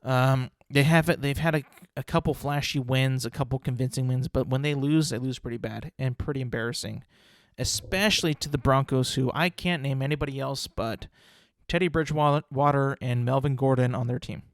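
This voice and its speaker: On his own laid-back sports podcast, a man discusses the weekend's games in a mid-range voice with fairly even intonation at normal speed. He's rambling and repetitive, full of fillers and strong opinions. The recording is dry and close, with no room echo.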